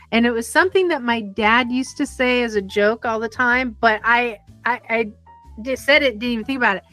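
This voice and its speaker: A woman in her fifties, a podcast guest telling stories in an animated, conversational way. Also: on the high side. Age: 50s. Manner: animated storyteller who acts out the voices in her anecdotes. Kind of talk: conversational storytelling interview.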